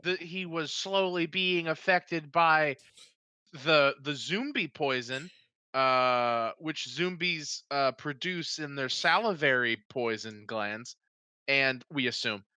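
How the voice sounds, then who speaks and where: Bright, dry-miked joking man. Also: a little high, clean tone, dry recording. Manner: quick, joking corrections. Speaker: podcast co-host. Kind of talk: casual movie review chat.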